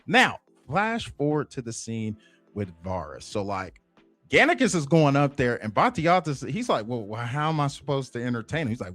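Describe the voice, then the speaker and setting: A man's voice: mid-range voice, dry recording. Guy rambling through a show recap, lots of "you know", dry close mic, faint music under it. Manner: rambling, frequent fillers like "you know" and "basically". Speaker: TV episode reviewer. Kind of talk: casual episode recap.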